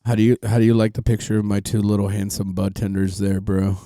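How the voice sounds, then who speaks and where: A man's voice: fairly low pitch, no echo, studio quality. A young man hosting a podcast, joking around and swearing casually. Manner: relaxed, joking, swears often. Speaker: podcast host.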